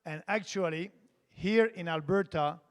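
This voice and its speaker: A man with a Québécois French accent, whose first language is French, delivers an earnest, emphatic debate statement. His voice sits quite high for a man. It rings with a long reverb, as if heard in a large debate hall. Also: a little slow. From Quebec, Canada. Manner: earnest, emphatic, stresses key words. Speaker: political candidate.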